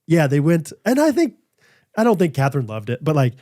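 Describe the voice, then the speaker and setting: A man's voice: on the high side, brisk, dry recording, clean studio sound. A man in his thirties co-hosting a podcast, rambling through stories with lots of fillers and reading ads in a casual way. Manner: rambling, animated storytelling with fillers. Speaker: podcast co-host. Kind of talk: casual chat with ad reads.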